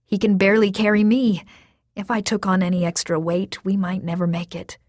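A woman's voice: medium pitch, flat delivery, brisk, darkish tone, dry recording, clean studio sound, lightly acted. Woman reading as a grim, weary dragon rider uncle. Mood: pained. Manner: urgent, strained pleading.

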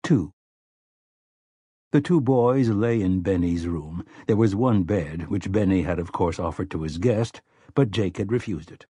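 A man narrating an audiobook in a measured, even storytelling manner. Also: sits low, breathy edge, no room sound, clean studio sound. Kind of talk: scripted narration.

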